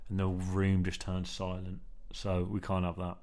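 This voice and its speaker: A man's voice: sits low, monotone, measured pace, dark tone. A man vlogging in a loose, meandering monologue, full of ums and restarts, often tagging sentences with "man", while testing a newly bought mic. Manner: meandering, filler-heavy, keeps saying "man". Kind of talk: casual rambling monologue. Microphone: newly bought mic, under test.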